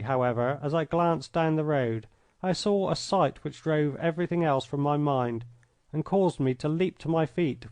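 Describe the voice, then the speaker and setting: A man reading an old adventure story aloud in the first person, measured and expressive, close to a studio mic. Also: fairly high pitch, no echo. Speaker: audiobook narrator.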